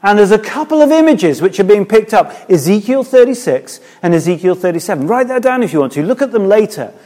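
A man's voice: high-pitched, sing-song, fast talker, mellow. A middle-aged man preaching a sermon in a conversational way, often asking the listeners rhetorical questions.

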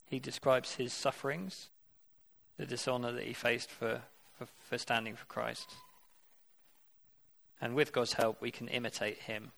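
A man delivering a sermon in an earnest, conversational way. He asks his listeners rhetorical questions and speaks at a middle pitch. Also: flat delivery, a little slow, creaky, a bit bright. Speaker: preacher.

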